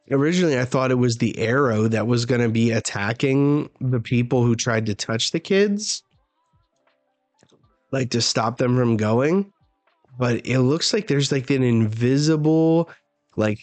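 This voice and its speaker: A man hosting a live manga chapter reaction, who talks in an unhurried, hesitant way with many filler words. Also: mid-range voice, darkish tone, no room sound, faint music behind.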